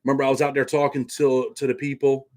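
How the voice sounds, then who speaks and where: This middle-aged livestream host talks fast in a medium, fairly even pitch with a slightly mellow quality. His casual delivery is peppered with "man," and he reads the chat aloud.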